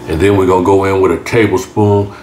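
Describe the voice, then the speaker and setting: A very deep-voiced man talks through a recipe in a relaxed drawl, tacking y'all onto most lines. He is recorded in an echoey kitchen with a faint hum of room noise behind him. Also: fast talker. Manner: laid-back, drawling, keeps saying y'all. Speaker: cooking channel host. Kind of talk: casual cooking tutorial narration. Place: home kitchen.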